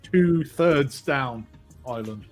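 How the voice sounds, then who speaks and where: A man's voice: medium pitch, lively intonation, slow, soft background music. A Scottish man chatting as a guest, dry and matter-of-fact. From Scotland. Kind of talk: casual chat.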